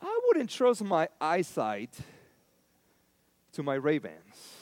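Pastor guy giving a sermon, pretty high voice, dry close sound, chatty storytelling with lots of repeats. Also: wildly swooping pitch, takes it slowly, darkish tone, dry recording. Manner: conversational storytelling with repeated emphasis.

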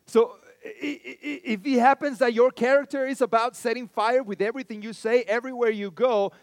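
A man's voice: extremely high pitch, steady tone, fairly quick, no room sound. A man preaching a sermon as pastor, telling stories in a conversational way and repeating lines for emphasis.

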